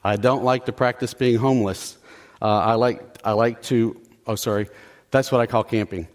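A man's voice: medium pitch, steady tone, moderate pace. A middle-aged man preaching a conversational sermon in a church, checking in with the congregation and poking fun at himself. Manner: conversational, self-deprecating, repeats "okay?" to the congregation. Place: church sanctuary.

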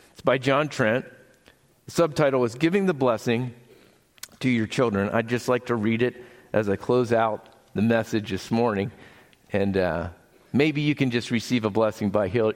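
A man preaching a sermon as pastor, slow, reflective and earnest. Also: mid-range voice, big-room sound.

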